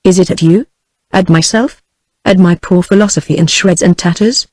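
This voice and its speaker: A woman's voice: fairly low pitch, normal speed, a little mellow, natural voice. British woman voicing an earnest young lady. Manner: evenly synthesized, no character voice.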